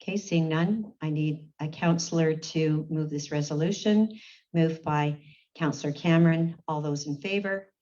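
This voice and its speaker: A woman serving as warden, chairing a formal council meeting in a brisk, procedural way and calling the roll. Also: low voice, warm tone. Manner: brisk, procedural, reads names in a roll call. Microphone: meeting-room microphone on a livestream. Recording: dull lo-fi livestream audio.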